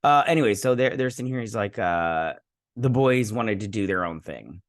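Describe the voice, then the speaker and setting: This host's voice is lowish and animated, moving at a moderate pace. Reviewing an episode casually, he rambles as he retells scenes, adding snarky asides and many "she's like" quotes.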